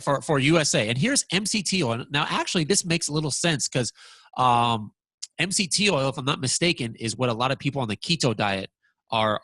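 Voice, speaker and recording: A man presenting a software walkthrough lesson, talking excitedly and stammering when surprised. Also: medium pitch, no room sound.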